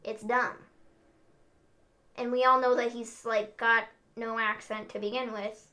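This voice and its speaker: A young woman hosting a casual wrestling recap, opinionated and emphatic, quick to laugh. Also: on the high side, level tone, sharp tone. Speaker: host.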